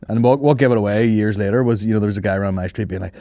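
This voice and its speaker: A man's voice: lowish voice, fast talker, dark tone, dry recording. A young man hosting a podcast, rambling through stories with lots of swearing and laughter. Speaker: podcast host. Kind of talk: casual chat.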